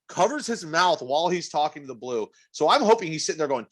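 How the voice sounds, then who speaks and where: A man's slightly high voice moves fast with few pauses as he co-hosts a podcast. His casual storytelling is profane and animated, punctuated by quoted asides he acts out.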